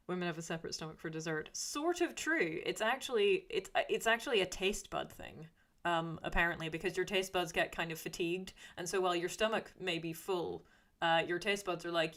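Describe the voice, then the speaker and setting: Chatty woman with a lowish voice. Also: moderate pace, fairly bright tone. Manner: rambling, chatty, many fillers and restarts; reads viewer comments aloud and answers them. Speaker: YouTuber reading live chat. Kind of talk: casual livestream chat.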